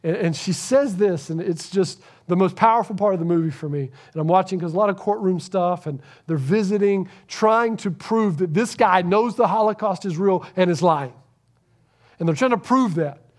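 A man with a high, light voice preaching a sermon in a church. He is earnest, pushing some lines out loudly and dropping others to a hush that is almost a whisper. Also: moderate pace. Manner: earnest, swings from loud emphasis to hushed near-whisper. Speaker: pastor.

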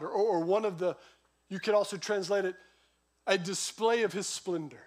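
High-voiced man preaching a sermon. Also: moderate pace. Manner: lively storytelling, voice rising and dropping sharply. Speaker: pastor.

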